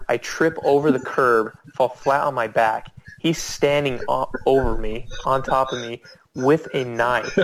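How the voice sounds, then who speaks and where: A man's voice: steady tone, measured pace, a bit bright, slight background noise, low-quality recording. A man telling a rambling, restart-filled anecdote, his voice leaping up whenever he quotes someone. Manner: rambling with many restarts, jumps high when quoting people. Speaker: storyteller. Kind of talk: casual anecdote told to a small audience.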